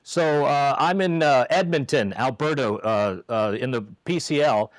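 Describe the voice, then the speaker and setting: A former umpire telling lively stories in a casual chat, acting out shouted quotes. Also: male voice, medium pitch, a little slow, no room sound, low-quality recording. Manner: lively, acts out quotes with raised voice.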